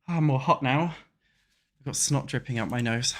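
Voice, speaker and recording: Congested with a cold, a streamer jokes crudely with his live chat while building in a game. His voice is medium-pitched, his pace moderate, and he pauses often.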